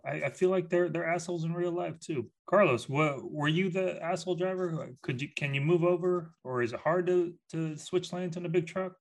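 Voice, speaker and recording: A man's voice: fairly high pitch, normal speed, hardly any pauses. Laid-back man telling a swearing story. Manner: laughing, swears freely while telling stories. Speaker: podcast co-host. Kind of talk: casual banter storytelling.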